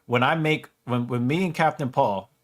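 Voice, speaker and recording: Guy on a chat panel, slow and deliberate, measured tone. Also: medium pitch. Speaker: panel guest.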